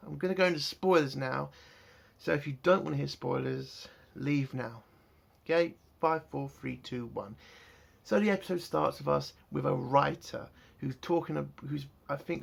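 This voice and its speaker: Man, heated profane rant, gravelly voice, husky tone. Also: fairly high pitch, normal speed. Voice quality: heavy swearing, heated ranting. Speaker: TV reviewer. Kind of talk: angry solo review rant.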